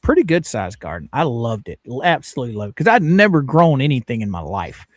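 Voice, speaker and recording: Man, livestream host, folksy chat, lively up-and-down pitch, dry close sound. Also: fast, no echo. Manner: folksy, greets viewers by name.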